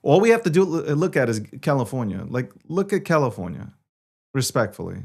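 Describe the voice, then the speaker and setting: Emphatic New York-born political host. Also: male voice, medium pitch, big pitch swings, fairly quick, creaky. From New York City. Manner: emphatic, repetitive, swings loud and soft. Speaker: show host. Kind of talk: opinionated political commentary.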